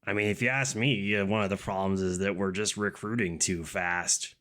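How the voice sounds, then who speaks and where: A man's voice: low voice, steady tone, moderate pace, a bit bright. A man voicing a wary, matter-of-fact male crew member in a tabletop game.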